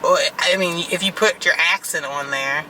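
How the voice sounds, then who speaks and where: A woman's voice: lowish voice, sharp tone, slight background noise, rough recording. A woman, co-hosting a casual chat from a parked car, laughing and teasing. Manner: laughing, teasing, quick to correct. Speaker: co-host, wife.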